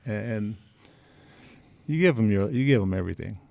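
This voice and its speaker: Low gravelly-voiced middle-aged man. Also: expressive, normal speed, dark tone, no echo. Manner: candid, blunt, emphatic. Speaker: interview guest. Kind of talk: casual storytelling interview.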